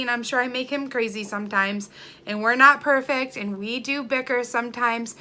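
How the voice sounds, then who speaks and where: Heated, defiant woman vlogger ranting. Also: on the high side. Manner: heated, defiant, swinging between quiet and loud. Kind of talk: emotional vlog rant.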